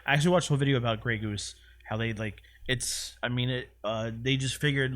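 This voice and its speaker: A man's voice: medium pitch, a little fast, a bit bright. Easygoing man chatting on a podcast. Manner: easygoing, agreeable, rambling storyteller. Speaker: podcast co-host. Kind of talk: casual chat.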